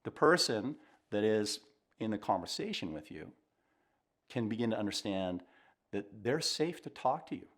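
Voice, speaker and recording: A middle-aged man, a communication coach, giving earnest, reflective advice straight to camera in a calm way. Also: on the low side, moderate pace.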